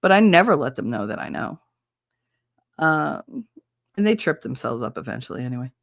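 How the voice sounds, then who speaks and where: A woman's voice: low-pitched, sing-song, moderate pace, vocal fry. A woman hosting a podcast, talking candidly and emotionally, swearing freely and restarting her sentences often. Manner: rambling with frequent restarts. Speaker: podcast host.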